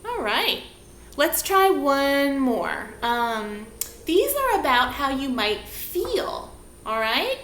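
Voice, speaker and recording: Slow, lively woman leading a kids' dance class. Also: high voice. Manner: slow, sing-song prompting questions to young children. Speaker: movement teacher. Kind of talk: children's movement lesson. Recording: echoey room, faint background hiss.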